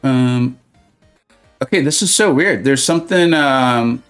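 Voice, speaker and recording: A man's voice: medium pitch, slow, faint music behind. A man streaming a mobile game live, joking and self-mocking while he chats with his viewers. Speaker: gaming streamer. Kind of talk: casual live-stream commentary.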